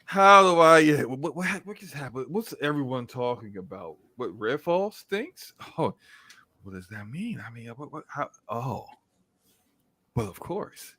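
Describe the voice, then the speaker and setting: A man's voice: medium pitch, big pitch swings, measured pace, pushed and bright, full character voice. Brief: man putting on a flustered young reporter guy, stammering and lost. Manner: stammering, confused questions. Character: flustered clueless young male games journalist.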